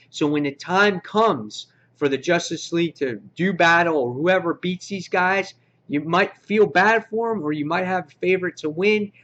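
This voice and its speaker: Excitable man reviewing comics, slightly high voice. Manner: excitable and slangy, acts out his own gasps. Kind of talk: casual spoken review. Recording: dull lo-fi recording.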